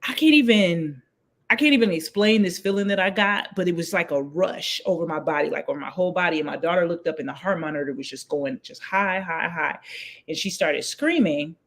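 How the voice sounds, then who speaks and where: A woman in her forties, a guest, telling a personal story in an interview and acting out the voices of the people in it with big jumps in pitch. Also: a little fast, a bit bright.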